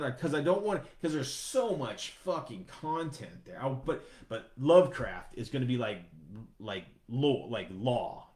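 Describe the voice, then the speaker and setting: A man hosting a podcast, talking in a rambling, profane, animated way. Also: mid-range voice, roomy sound. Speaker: podcast host. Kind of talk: casual chat.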